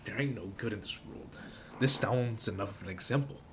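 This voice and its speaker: Male reader as a grim, weary frontiersman; low, solemn journal read in a western game. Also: fairly quick, a little hiss or hum, natural voice. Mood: brooding.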